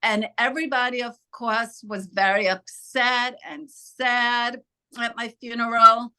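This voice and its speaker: A woman being interviewed as a spiritual healer, earnestly telling a personal story with halting restarts. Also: a little high, steady tone, pushed and bright, clean tone.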